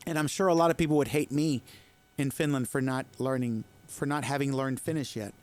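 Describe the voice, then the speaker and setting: A man whose first language is Spanish, streaming and chatting casually with viewers in a rambling, opinionated, animated way. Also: medium pitch, fairly quick. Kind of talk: casual chat answering viewers.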